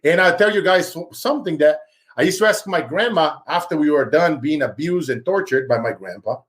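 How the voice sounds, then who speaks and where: Brief: male guest, Brazilian accent, first language Portuguese, fervent storyteller who calls the host bro, slightly higher voice. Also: animated, fairly quick. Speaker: guest, success speaker. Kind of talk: animated interview talk.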